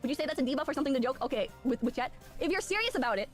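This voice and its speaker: A woman streamer hands out casual, brisk advice and keeps checking in with "right?". Her voice sits a little high. Faint music plays softly behind her. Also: lively intonation. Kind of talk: casual chat.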